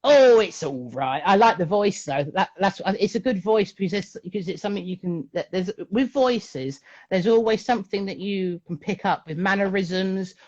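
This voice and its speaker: Animated, jokey man on a live chat. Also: sits high, normal speed, few pauses, muffled recording. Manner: chatty, jokey and animated, breaks into voices. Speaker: guest, magician and puppeteer. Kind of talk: casual chat on a live stream.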